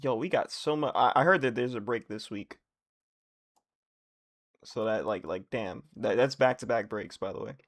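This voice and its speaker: A young man on a live stream reacting as he reads. He swings from low muttering to loud, surprised outbursts and often repeats phrases. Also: moderate pace, pauses often.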